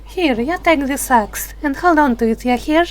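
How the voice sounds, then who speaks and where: A woman's voice: high voice, normal speed, natural voice. A woman doing a folksy country farm girl fighter. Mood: encouraging.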